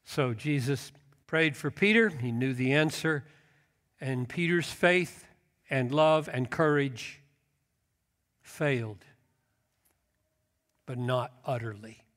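A man's voice: mid-range voice, takes it slowly, pauses often, fairly bright tone. A man preaching a sermon, emphatic, quoting scripture with rising intensity. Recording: long hall reverb.

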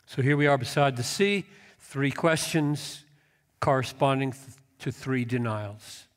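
A man's voice: medium pitch, measured pace. A man preaching a sermon, emphatic, quoting scripture with rising intensity. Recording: long hall reverb.

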